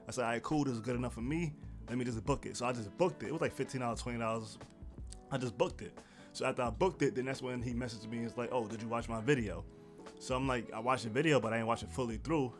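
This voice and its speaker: A man vlogging seated to camera, telling a story in a casual, animated way and acting out the people he quotes. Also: medium pitch. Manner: animated, quotes others in raised voice. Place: indoors, seated at home. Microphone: camera mic, seated.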